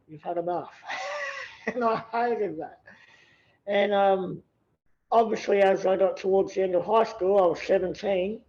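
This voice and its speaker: Man in his 30s, high voice, self-deprecating humour, on a dull lo-fi recording. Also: darkish tone. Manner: joking, self-deprecating, laughs easily. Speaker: podcast guest, athlete. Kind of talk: casual interview chat.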